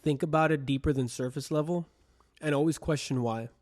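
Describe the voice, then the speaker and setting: A man's voice: fairly high pitch, a little fast. A young man co-hosting a casual podcast, earnestly urging listeners to think for themselves. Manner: earnest, addresses listeners directly. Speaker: podcast co-host.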